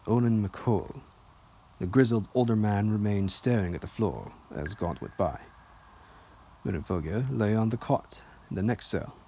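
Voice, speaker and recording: A man narrating an audiobook in a steady, measured reading voice. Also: low voice, husky. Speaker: audiobook reader.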